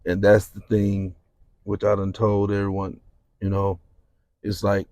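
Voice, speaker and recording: A man hosting a podcast interview, relaxed and encouraging, with a drawling delivery. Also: on the low side, unhurried, a little hiss or hum. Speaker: podcast host. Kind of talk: casual interview.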